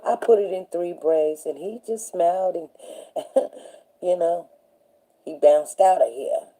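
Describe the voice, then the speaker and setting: A woman's voice: fairly low pitch, takes it slowly, dark tone, poor audio. A middle-aged woman hosting a casual live talk show, rambling through stories and often checking in with her viewers. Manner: rambling, storytelling, often asking "you know what I'm saying". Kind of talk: casual livestream chat.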